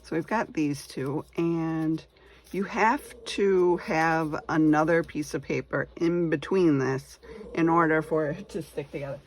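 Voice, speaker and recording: A woman with a low voice walks through a craft project at an unhurried pace. She chats as she works and thinks aloud. She is relaxed about her own slip-ups. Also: a little hiss or hum. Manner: chatty, thinking aloud while working, self-deprecating. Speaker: craft tutorial host. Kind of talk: casual step-by-step craft demonstration.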